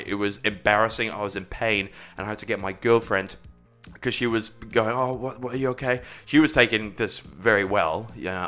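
A young man in casual podcast chat, telling an animated story and jumping into high voices for quotes. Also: smooth.

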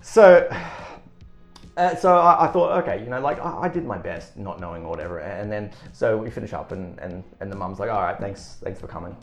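A man in his thirties tells a story in loose, casual chat. His voice swings widely in pitch as he rambles, laughs at himself and swears freely. The room around him sounds echoey. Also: animated, a little fast, soft background music. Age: 30s. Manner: rambling, self-deprecating, frequent restarts and swearing.

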